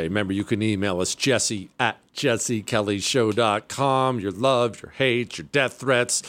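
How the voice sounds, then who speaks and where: A man's voice: on the low side, a little slow, hardly any pauses, a bit bright, no room sound. A male talk radio host delivering an opinionated monologue, blunt and sarcastic, hammering points home by repeating them into a studio microphone. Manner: blunt, sarcastic, emphatic repetition.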